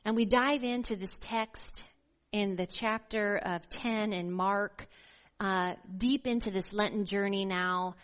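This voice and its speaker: A woman pastor preaching a sermon and reading scripture aloud in a measured, emphatic way, slowing down to stress key words. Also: mid-range voice, steady tone. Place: church sanctuary. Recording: long reverb of a church hall.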